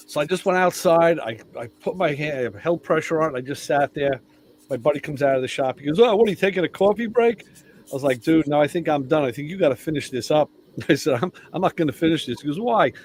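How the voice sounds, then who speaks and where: A man's voice: on the high side, fairly quick, a little hiss or hum. An older man telling a workshop injury story in casual live-stream chat, laughing and repeating himself. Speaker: show regular.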